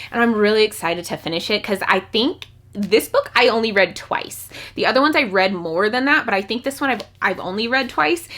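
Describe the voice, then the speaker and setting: A young woman chatting excitedly as a book vlogger, bubbly and talkative, now and then squealing with delight. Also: medium pitch. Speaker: book YouTuber. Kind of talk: casual vlog chat.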